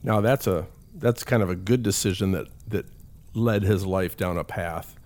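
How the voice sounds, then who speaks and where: A man's voice: sits low, normal speed, darkish tone. A middle-aged man, a counselor, telling stories from his practice in a conversational way. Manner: conversational storytelling with acted quotes. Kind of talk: talk.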